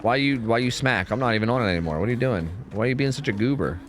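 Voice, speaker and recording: A man streaming a game, chatting excitedly and swearing as he talks to his teammates and viewers. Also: mid-range voice, rapid-fire. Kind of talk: live gameplay commentary.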